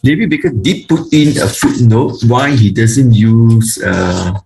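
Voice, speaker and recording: A man teaching a grammar lesson, speaking haltingly with frequent fillers and restarts, and slowly reciting word forms one by one. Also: medium pitch, gravelly, a little mellow, rough recording. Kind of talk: online Hebrew grammar lesson.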